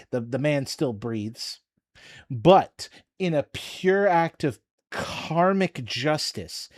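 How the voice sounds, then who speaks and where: A man's voice: medium pitch, darkish tone, no room sound, clean studio sound. A man hosting a commentary video, ranting in a heated, sarcastic and profane way. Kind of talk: casual commentary rant.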